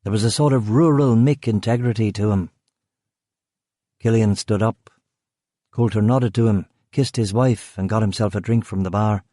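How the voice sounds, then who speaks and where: A man reading a crime thriller audiobook in measured scripted narration. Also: fairly low pitch, dark tone, no room sound, clean studio sound.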